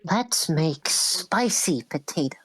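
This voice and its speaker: A woman's voice: fairly low pitch, expressive, fairly bright tone, breathy edge, dry recording. Playful woman in a dry room. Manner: playful, halting restarts. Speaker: tabletop game player. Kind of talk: in-character role-play chat.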